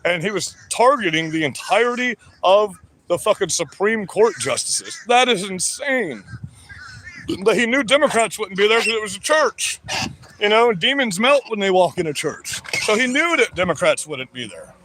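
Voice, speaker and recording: A livestream host with a high-pitched, animated, fairly bright voice rants heatedly at the people he's addressing, swearing constantly. He speaks at normal speed and keeps saying "you know what I mean." There's a slight hiss or hum in the audio.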